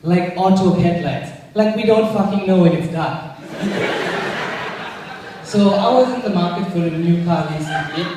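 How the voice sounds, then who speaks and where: South African male comic, high-pitched, deadpan and crude, live club sound with long echo and faint room noise. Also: a little slow, long pauses. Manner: deadpan storytelling, punchlines with crude swearing. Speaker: stand-up comedian. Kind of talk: stand-up comedy set. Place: comedy club stage before a live audience. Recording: echoey club, voice from far off.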